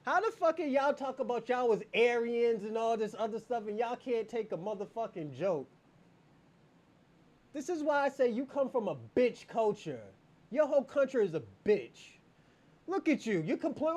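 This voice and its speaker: High-voiced man taunting his livestream viewers. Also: expressive, moderate pace, darkish tone. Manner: mocking and taunting, laughs often, heavy profanity. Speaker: livestream host. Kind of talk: casual livestream banter with viewers.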